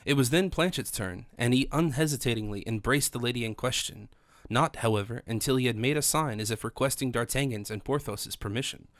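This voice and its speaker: A man narrating a classic novel as an audiobook, in a measured, descriptive reading. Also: mid-range voice, fairly bright tone, no room sound, studio quality. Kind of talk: scripted narration.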